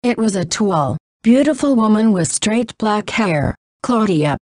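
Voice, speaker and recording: A woman narrating a novel in a flat reading that says punctuation aloud. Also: mid-range voice, a little slow, dry recording, clean studio sound.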